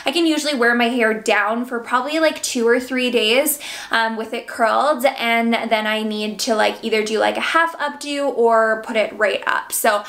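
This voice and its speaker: A woman's voice: a little high, moderate pace, a bit bright. A young woman in a casual hair tutorial, chatting to the camera at home, a bit out of breath and full of "like" and "um". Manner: chatty, filler-heavy with frequent "like" and "um". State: out of breath, seven months pregnant. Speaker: beauty vlogger.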